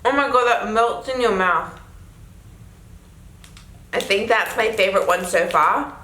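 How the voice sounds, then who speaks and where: A woman's voice: mid-range voice, measured pace, a bit bright. Chatty South African woman in an echoey room. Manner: chatty and exclamatory. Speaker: vlogger. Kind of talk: casual taste-test vlog.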